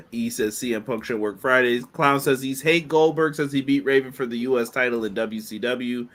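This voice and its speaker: Animated male wrestling podcast host. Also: medium pitch. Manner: fast, animated opinions with frequent fillers. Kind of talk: casual wrestling podcast chat.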